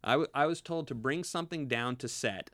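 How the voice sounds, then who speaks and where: A man's voice: medium pitch, fairly quick, fairly bright tone, no echo, clean studio sound. A middle-aged man hosting a casual interview, telling stories and swearing freely. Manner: storytelling, swears freely, acts out quoted people. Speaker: interview host.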